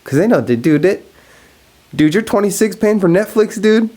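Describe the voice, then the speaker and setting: A man's voice: high voice, normal speed. A young man in his twenties from Texas, hosting a casual solo podcast, ranting with lots of swearing and laughing often. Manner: profane, animated, laughs often. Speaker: podcast host.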